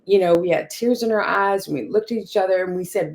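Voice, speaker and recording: A woman's voice: mid-range voice, fast talker, a little mellow. A woman telling a personal caregiving story in conversation, checking in often with "you know" and "right?". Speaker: caregiver sharing her story.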